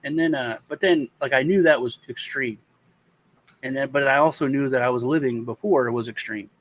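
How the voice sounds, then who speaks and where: Brief: American man, mid-pitched voice, rambling casual storyteller, lots of restarts. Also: low-quality recording. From United States. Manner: rambling, halting storyteller with many restarts and fillers. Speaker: co-host telling a childhood story. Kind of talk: casual chat.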